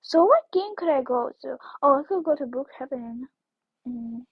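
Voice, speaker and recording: A woman's voice: high voice, animated, normal speed, no room sound. A woman giving casual gameplay commentary as a video creator, rambling and repeating words, with sudden squeals and whispers. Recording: dull lo-fi recording.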